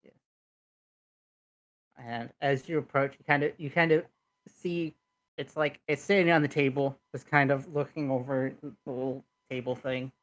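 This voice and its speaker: A woman narrating a tabletop role-playing game as dungeon master, relaxed and a little hesitant. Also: extremely low pitch, normal speed, long pauses.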